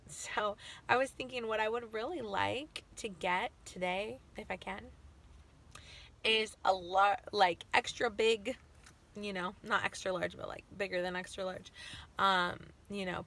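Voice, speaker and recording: Young woman vlogger losing her voice, bright and a bit gravelly, chatty and upbeat. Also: medium pitch. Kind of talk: casual chat to camera.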